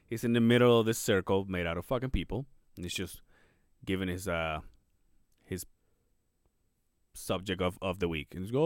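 A man's voice: deep voice, normal speed, long pauses, no echo, clean studio sound. A man co-hosting a podcast, telling a work story in casual chat, swearing and acting out quotes with his voice jumping up. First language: Spanish. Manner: animated, swearing, acts out quotes with rising voice. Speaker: podcast co-host.

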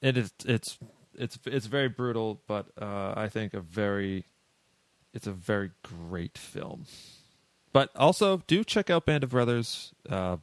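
A man from the Boston area hosting a podcast in casual, halting chat full of fillers. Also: fairly low pitch, lively intonation, dry recording. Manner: chatty, halting, lots of fillers. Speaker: podcast host.

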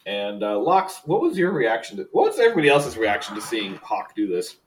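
A man's voice: on the low side, wildly swooping pitch, fairly quick, a little hiss or hum. A man narrating as game master in a tabletop game. He talks loosely and laughs often.

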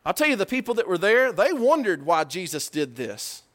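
A man preaching a sermon in a conversational way, asking the congregation questions and swinging between loud emphatic bursts and low, quiet stretches. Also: sing-song, moderate pace.

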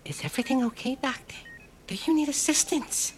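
A man's voice: very high-pitched, animated, fairly quick, a little hiss or hum, voice pushed up. A man putting on a bumbling, faltering ship receptionist in an audio comedy. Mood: flat.

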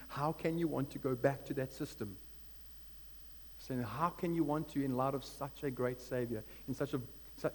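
A man's voice: medium pitch, darkish tone. A man preaching a sermon as pastor, earnest and building to emphatic peaks. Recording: long hall reverb with mains hum.

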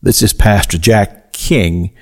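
Preaching on the radio, a middle-aged pastor tells the story at a slow, deliberate pace, rising to emphatic peaks. His voice carries a breathy edge.

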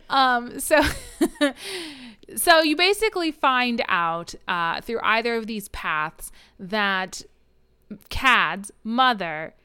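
A woman co-hosting a casual book podcast, recapping a novel with lively acted-out lines and laughter. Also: fairly high pitch, very slow, long pauses, clear, resonant tone, dry recording. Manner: animated retelling, acting out characters' lines with swearing and laughs. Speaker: podcast co-host. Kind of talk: casual book-club chat.

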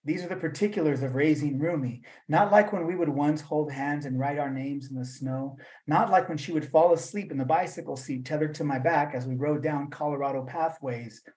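A man reading his own poems and then talking about them, in a measured voice for the verse and a loose, rambling one with fillers for the talk, over a video call. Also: on the high side, a little mellow, low-quality recording. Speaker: poet reading his work. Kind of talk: poetry reading and talk at a virtual event.

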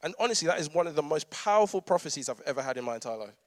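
A man's voice: fairly high pitch, expressive, rapid-fire, dry recording, clean studio sound. A man, preaching a conversational sermon with humorous asides and frequent laughter. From London. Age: 30s.

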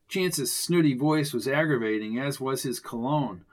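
A man giving scripted narration of a mystery audiobook in a steady, measured way. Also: medium pitch.

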